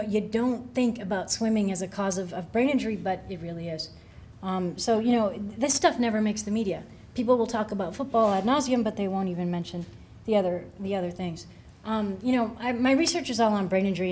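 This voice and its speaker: A woman's voice: mid-range voice, fast, darkish tone, slight background noise. A middle-aged woman, a brain injury researcher, giving a conversational talk to coaches with plenty of fillers and restarts. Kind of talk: conference talk.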